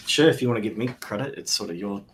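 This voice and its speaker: A man's voice: lowish voice, lively intonation, fast, a bit bright, a little hiss or hum. A man playing a tabletop game in a modest, laid-back manner. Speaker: player. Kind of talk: casual tabletop play.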